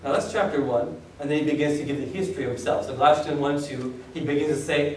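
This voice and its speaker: A man's voice: a little high, quick pace, a little mellow. A man preaching a sermon as pastor, talking conversationally with acted-out asides and questions to the congregation. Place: church hall. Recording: echoey hall, distant mic.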